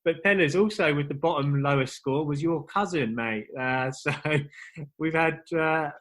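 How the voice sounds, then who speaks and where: A man's voice: on the high side, normal speed, fairly bright tone. A man hosting a casual football podcast, jokey and upbeat as he reads out league standings. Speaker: podcast host.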